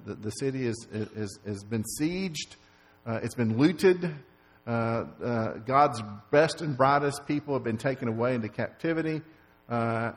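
A man preaching a sermon, stumbling over repeated words and fillers, then rising to stress key lines. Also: medium pitch. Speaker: pastor. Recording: long reverb of a large hall.

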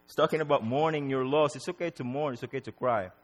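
A man preaching a sermon in an animated way, acting out prayers and quotes, often repeating words and restarting phrases. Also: fast, in a large hall. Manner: animated, acts out prayers and quotes with rising pitch.

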